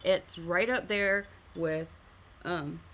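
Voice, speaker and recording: A woman's voice: on the low side, takes it slowly, sharp tone, slight background noise. A woman hosting a live art stream, chatting casually while teaching drawing and often laughing at herself.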